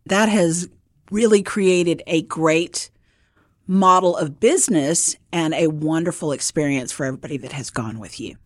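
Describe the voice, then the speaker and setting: A woman's voice: sits low, normal speed, dry recording, studio quality. A woman hosting an interview, chatting casually and adding encouraging remarks. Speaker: podcast host.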